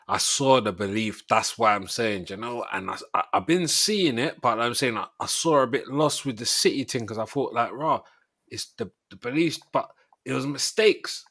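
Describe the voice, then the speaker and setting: A man's voice: lowish voice, pushed and bright, no room sound, clean studio sound. A young man hosting a live football reaction stream, talking in rambling, slang-heavy banter. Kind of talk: casual football reaction chat.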